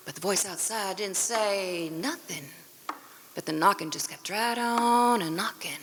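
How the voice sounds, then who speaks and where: A woman's voice: medium pitch, measured pace, fairly bright tone. A woman telling a folk tale with dramatic, rhythmic delivery that drops at times to a whisper. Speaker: storyteller.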